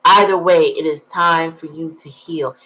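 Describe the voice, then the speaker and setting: A woman's voice: deep voice, fairly even intonation, unhurried, pushed and bright, breathy edge, rough recording. A woman giving a casual tarot reading, chatty and slangy, telling stories with sighs in between. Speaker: tarot reader.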